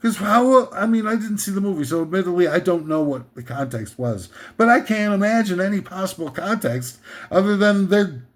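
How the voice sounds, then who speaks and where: A man's voice: high voice, lively intonation, moderate pace, hardly any pauses. A man hosting a comedic countdown, ranting sarcastically in a rambling way with many hesitations and fillers. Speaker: comedic list host.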